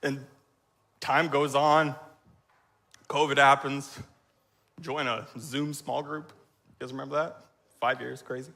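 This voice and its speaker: A man in his thirties giving an emotional sermon testimony from a church stage on a stage mic, crying as he speaks, halting and clearing his throat often. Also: mid-range voice, level tone, sharp tone.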